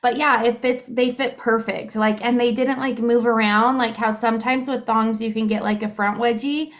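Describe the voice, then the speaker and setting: Chatty woman in her thirties, high voice. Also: steady tone, normal speed. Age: 30s. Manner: chatty, giggly, lots of fillers. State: hiccups. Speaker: podcast co-host. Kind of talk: casual chat. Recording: muffled lo-fi podcast audio.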